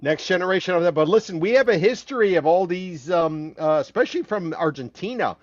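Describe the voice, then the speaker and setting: A man's voice: high voice, animated, a little fast, no room sound. A man co-hosting a podcast in casual chat, rambling with lots of fillers and restarts. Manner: rambling, with many fillers and repeats. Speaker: podcast co-host. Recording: dry, slightly dull audio.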